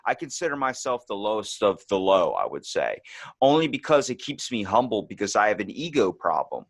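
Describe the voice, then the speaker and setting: A man hosting a podcast, telling stories in a casual, animated way with frequent restarts. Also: on the low side, brisk, creaky, dry recording. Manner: animated storyteller, restarts often. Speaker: podcast host. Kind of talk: casual conversation.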